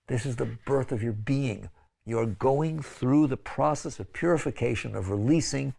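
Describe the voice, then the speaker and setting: An older man with a gravelly, warm voice gives a spiritual lecture at a moderate pace. He speaks conversationally and pleadingly, tossing in frequent "right?" asides and bursting into sudden high exclamations when acting out others.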